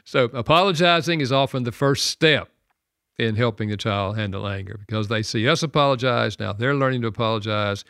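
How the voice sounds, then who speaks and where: An older man, a radio show guest, tells a personal story earnestly and reflectively, laughing softly now and then. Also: mid-range voice, brisk, creaky, clear, resonant tone, dry recording, studio quality.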